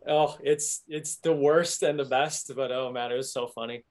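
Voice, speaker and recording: A young man hosting a casual chat, telling an animated story and laughing at it. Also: medium pitch, moderate pace, crowd noise. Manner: animated storyteller, laughs at his own stories.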